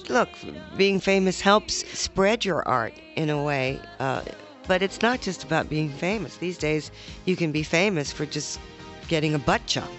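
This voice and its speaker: A woman's voice: sits low, animated, measured pace, faint music behind. A woman singer speaking frankly and assertively in an interview clip. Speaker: guest singer. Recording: dull lo-fi interview audio.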